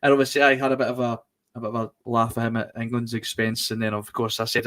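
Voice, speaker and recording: A Scottish man co-hosts a live fan podcast and tells casual stories about his travels. He talks in an easy, anecdotal way and laughs as he goes. His voice has an ordinary middle pitch. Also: fast talker, a bit bright. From Scotland. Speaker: podcast co-host. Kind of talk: casual live-stream chat. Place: home studio for a live stream.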